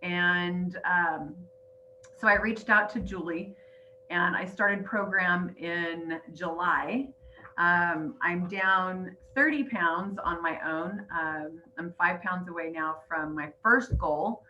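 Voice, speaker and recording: A woman's voice: fairly low pitch, slow pace, sharp tone, muffled recording, slight background noise. A middle-aged woman and grandmother earnestly telling her personal story on a group call, teary and emotional. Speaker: weight-loss coach sharing her story. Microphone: online call.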